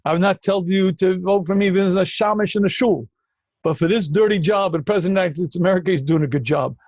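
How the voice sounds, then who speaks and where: A man hosting a call-in Q&A as a rabbi, emphatic and quick to cut in with repeated phrases. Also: sits high, a little mellow, dry recording, muffled recording. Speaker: rabbi answering callers. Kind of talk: call-in Q&A talk.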